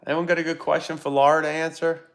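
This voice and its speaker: A man's voice: fairly high pitch, level tone, normal speed. A middle-aged man, a former ballplayer, hosting a casual live-stream Q&A and telling rambling, self-interrupting stories. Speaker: channel host, former pro baseball player.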